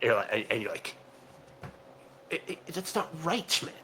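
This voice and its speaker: A man's voice: mid-range voice, sing-song, pushed and bright, a little hiss or hum. A man co-hosting a casual comedy podcast, stumbling over and repeating words as he rants. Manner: halting, repeats words, ranting. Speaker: podcast co-host.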